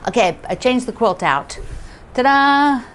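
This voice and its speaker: A woman's voice: mid-range voice, moderate pace, slight background noise. A woman who hosts a quilting vlog and teaches quilting, chatting casually and cheerfully to the camera from her home, often laughing. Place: home living room.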